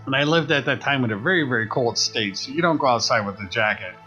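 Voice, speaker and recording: Speaking quickly in a mid-range voice, this podcast co-host animatedly retells a story and performs the quoted voices of its characters. The audio is dull, and faint music plays in the background.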